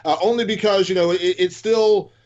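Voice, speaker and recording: A man chatting as a guest journalist, halting and full of fillers. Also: sits high, steady tone, darkish tone. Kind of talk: casual interview. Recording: dull lo-fi audio.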